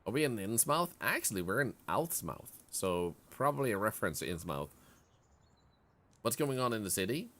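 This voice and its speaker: A man's voice: lowish voice, very animated, moderate pace, fairly bright tone. A man streaming a video game in casual commentary, chatting and reading the game's text aloud as he plays. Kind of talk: casual let's-play commentary.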